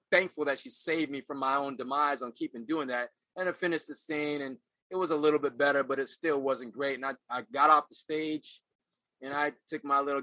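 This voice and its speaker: Earnest, bright-voiced man telling his story. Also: medium pitch, no room sound, rough recording. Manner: earnest, reflective, repeats phrases while searching for words. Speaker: podcast guest, actor. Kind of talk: casual interview storytelling.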